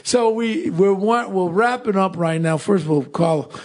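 An older man co-hosting a podcast, telling stories in an excitable, rapid way with lots of repeats. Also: high-pitched. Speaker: podcast co-host. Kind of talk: casual storytelling chat.

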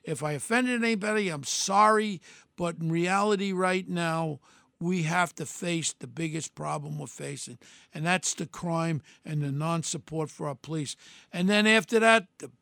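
A man hosts his podcast in a rambling, emphatic monologue that hurts feelings and doesn't much care. His voice sits high with a gravelly grain. The sound is dry and close, with no room around it. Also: moderate pace, a bit bright, no room sound. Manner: blunt, emphatic, outspoken. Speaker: podcast host.

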